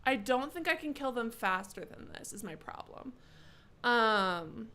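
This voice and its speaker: A woman's voice: fairly high pitch, expressive, a little slow, pushed and bright, a little hiss or hum. A young woman streaming a game live, chatty and self-mocking, swearing often as she talks to her viewers.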